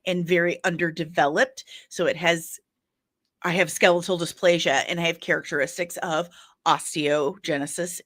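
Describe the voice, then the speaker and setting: Low-voiced woman rambling on a livestream. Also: fairly bright tone, no room sound, studio quality. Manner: rambling, candid, with frequent laughs; apologetic asides. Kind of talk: casual chat on a livestream.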